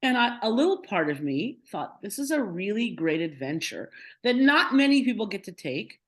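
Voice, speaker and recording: A woman's voice: medium pitch, big pitch swings, moderate pace, a bit bright. A middle-aged woman, a podcast guest, retelling a personal story with feeling, acting out quoted dialogue and often restarting her sentences.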